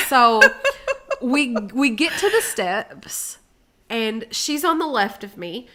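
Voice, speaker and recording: Bright, animated woman telling a story. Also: a little high, slow. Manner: animated, acts out quotes with rising volume. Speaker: co-host. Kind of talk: casual storytelling chat.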